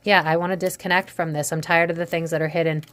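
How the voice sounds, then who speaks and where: A woman's voice: fairly low pitch, little pitch movement, fast talker, a bit bright. A woman doing a casual psychic tarot reading, musing aloud and voicing what she senses, with frequent restarts and trailing phrases. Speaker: tarot reader.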